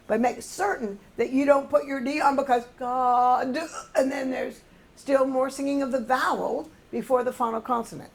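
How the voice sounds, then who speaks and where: A woman's voice: high-pitched, breathy edge. An older woman, a choir music director, patiently explaining musical phrasing to a singing class and humming short examples.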